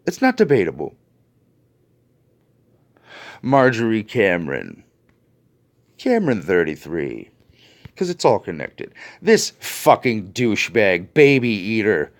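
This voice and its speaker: A man's voice: on the low side, huge pitch swings, takes it slowly, long pauses. A man hosting a video, ranting to his viewers in an angry, profane and sarcastic way. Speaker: video host.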